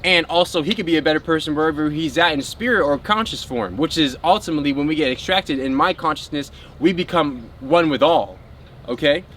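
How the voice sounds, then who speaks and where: A man's voice: fairly high pitch, a little fast, a bit bright, slight background noise. A man talking casually and spiritually to his viewers in a rambling way, full of filler words. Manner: addresses viewers as a group. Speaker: spiritual vlogger.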